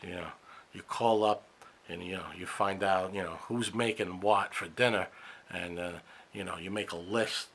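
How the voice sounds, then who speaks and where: A man's voice: low-pitched, fairly even intonation, normal speed, a bit bright. A middle-aged man, rambling through a casual podcast monologue full of fillers and asides. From New York area. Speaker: podcast host.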